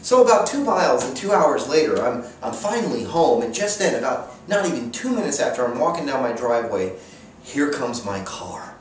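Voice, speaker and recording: A man in a mid range spins an exasperated comic monologue with deadpan sarcasm. His voice bounces around a bare, echoey room. The mic sits some distance away, with faint ambient noise underneath. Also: medium pitch, moderate pace. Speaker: vlogger.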